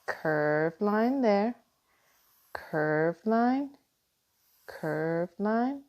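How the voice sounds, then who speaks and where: A woman teaching a step-by-step cartoon drawing lesson, gently guiding through each line. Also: mid-range voice. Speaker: art teacher. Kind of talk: drawing tutorial.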